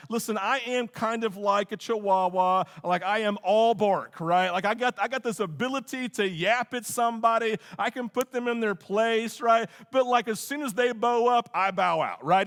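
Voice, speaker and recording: Animated storytelling male pastor, high voice. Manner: animated, conversational, frequent "right?" asides. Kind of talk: sermon with storytelling.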